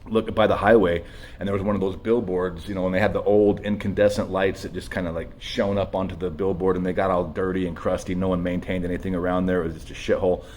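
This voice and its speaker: A man sharing a raw personal testimony in a halting, emotional way, full of restarts and blunt swearing, shaky as he tells it. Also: low-pitched, flat delivery, darkish tone, slight background noise. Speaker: speaker sharing his story.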